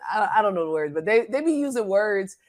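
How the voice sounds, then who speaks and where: A woman with a New York accent co-hosting a podcast, quick and playfully argumentative in casual chat. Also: mid-range voice, lively intonation, a little mellow. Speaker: podcast co-host.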